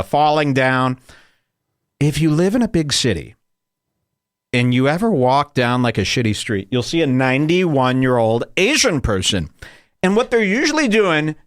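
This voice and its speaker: A man rants crudely on a comedy podcast. His voice is fairly high and swings widely in pitch. The sound is dry and close to the mic. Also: no room sound. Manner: animated, crude, emphatic. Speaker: podcast host. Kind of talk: comedic rant.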